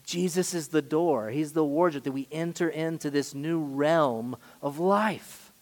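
A man preaching a sermon as pastor, emphatic, swinging between loud stresses and quiet asides. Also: fairly high pitch, moderate pace, in a large hall.

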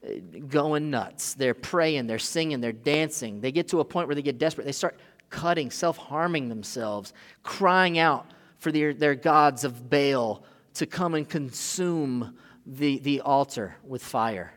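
A man preaching a sermon as pastor, shifting between casual asides and loud, emphatic scripture reading. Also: medium pitch, a little slow. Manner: animated, rising to loud emphatic peaks when reading scripture; casual asides with filler and restarts. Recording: long hall reverb.

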